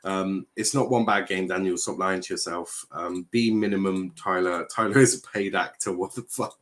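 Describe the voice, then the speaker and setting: A man's voice: low voice, fairly even intonation, moderate pace, a bit bright. A man hosting a casual football chat stream, laughing often and reading out viewer comments. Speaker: stream host.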